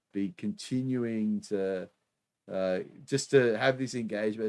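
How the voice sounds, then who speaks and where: Livestream host: Australian man, low gravelly voice, chatty, easy laugh. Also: darkish tone. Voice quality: chatty, laughs often, many fillers. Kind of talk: casual live-stream chat reading comments.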